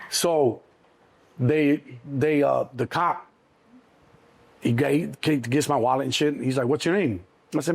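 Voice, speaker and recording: Man, middle-aged, from Chicago, interview guest, animated storyteller, gravelly. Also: mid-range voice, takes it slowly, long pauses, no echo. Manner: animated, acts out cops and himself in quotes.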